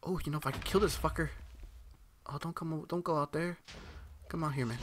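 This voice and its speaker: A man giving live, excitable gameplay commentary, talking to himself, swearing and reacting loudly as he plays. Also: a little high, brisk, long pauses, slight background noise.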